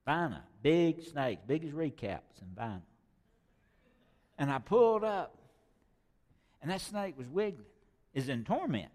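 A male preacher delivering a sermon in a church, emphatic and repeating key words, dropping from loud to hushed. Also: on the high side, sing-song, unhurried, pauses often, in a large hall.

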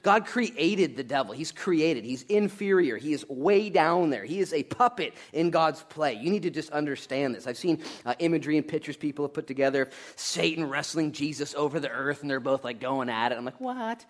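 A man preaching a sermon in a lively, conversational way, laughing now and then and building to emphatic, loud peaks. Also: a little high, fairly quick, hardly any pauses. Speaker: pastor.

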